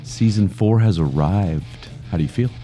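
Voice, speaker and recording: A man's voice: low voice, normal speed, mellow, soft background music. A man co-hosting a podcast in casual banter, joking and poking fun at himself. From Scotland. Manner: joking, self-deprecating storyteller. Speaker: podcast co-host. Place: studio.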